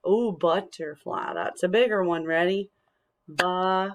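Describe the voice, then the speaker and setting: A young woman teacher speaks gently and encouragingly to young children in a recorded screencast lesson. Her voice sits a little low, and she talks very slowly and clearly, drawing each word out. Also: background noise. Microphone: screencast computer mic.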